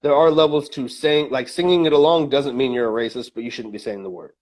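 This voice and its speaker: A man's voice: mid-range voice, fast, darkish tone. Opinionated man rambling on a podcast. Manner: opinionated, rambling with many fillers and restarts. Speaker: podcast co-host. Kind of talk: casual opinion chat.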